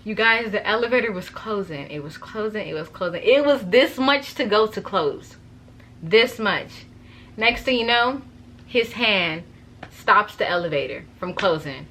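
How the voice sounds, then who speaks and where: Bright-voiced young woman telling a story. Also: medium pitch, unhurried. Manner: animated, chatty storytelling, addressing viewers. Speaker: vlogger. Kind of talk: story time vlog.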